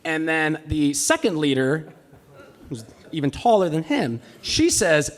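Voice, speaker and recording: A man's voice: a little high, big pitch swings, a little slow. A man telling a personal story live on stage, with a comic, self-mocking delivery. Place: live stage in a cultural center.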